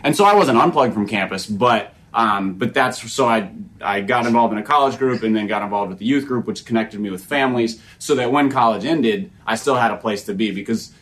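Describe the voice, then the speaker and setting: A man's voice: lowish voice, brisk, hardly any pauses, fairly bright tone. A man co-hosting a casual podcast chat. He is self-deprecating and stops and restarts his sentences often.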